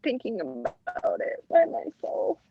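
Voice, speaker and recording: Caller, female, high voice, close and dry, dull lo-fi call audio, emotional and halting. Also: huge pitch swings, husky. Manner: halting, hesitant. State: emotional, near tears. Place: separate room at work.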